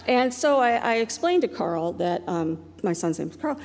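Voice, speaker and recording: A woman's voice: medium pitch, sing-song, normal speed, darkish tone, big-room sound. A middle-aged woman from northeastern Ohio gives a humorous live talk as a guest speaker, rambling and self-deprecating and laughing often.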